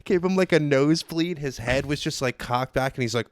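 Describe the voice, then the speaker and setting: A young man hosting a casual comedy podcast, telling stories with animated, loudly acted-out quotes. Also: medium pitch, normal speed, few pauses, smooth, no echo, studio quality. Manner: animated storyteller, acts out quoted voices loudly. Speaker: podcast host.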